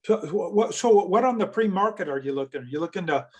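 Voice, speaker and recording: A man's voice: sits high, lively intonation, fast, a little mellow, breathy edge, lo-fi sound. A man asking questions in a casual session, often stumbling and repeating words as he starts.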